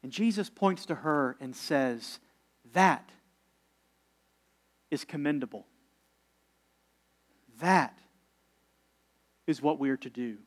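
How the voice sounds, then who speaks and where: Speaking to his congregation, a fairly high-voiced pastor preaches in a laid-back, conversational style. Ums crop up, and he stresses key words by pausing slowly and deliberately.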